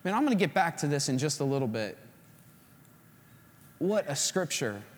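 Male pastor, high and very expressive delivery, sermon in a reverberant church. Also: moderate pace, a little hiss or hum. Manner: animated preaching, acts out stories.

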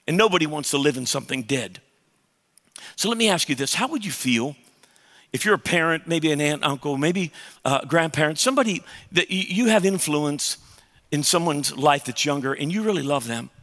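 A man's voice: sits high, sharp tone, long reverb tail. A man pastor preaching a sermon, emphatic and conversational, putting questions to the congregation.

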